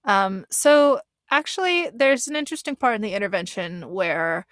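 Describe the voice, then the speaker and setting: A woman's voice: medium pitch, expressive, normal speed, a bit bright, dry recording, clean studio sound. A woman giving casual, earnest commentary on a reality show, rambling with frequent restarts and getting emotional.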